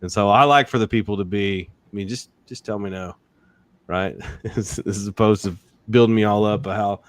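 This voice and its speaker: A man, a sales and negotiation expert talking in an animated podcast interview, acting out quoted voices and laughing often. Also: lowish voice, normal speed, dry recording.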